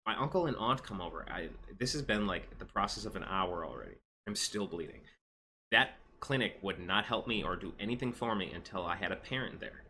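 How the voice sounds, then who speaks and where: A man's voice: deep voice, fairly quick, slight background noise. A man in his thirties casually telling a rambling personal story as a vlogger, with lots of restarts. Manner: rambling, animated, with restarts and quoted voices.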